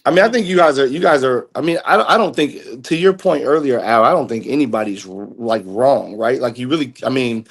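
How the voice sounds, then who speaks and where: A man's voice: mid-range voice, animated, fairly quick, hardly any pauses. A man in casual chat, talking thoughtfully and hedging his points. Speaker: guest.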